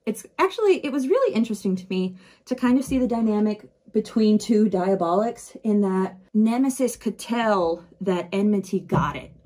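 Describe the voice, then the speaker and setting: A woman chatting casually while she does her makeup, retelling a story in a lively way with quick asides. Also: medium pitch, soft background music. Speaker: vlogger. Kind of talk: casual book chat while doing makeup.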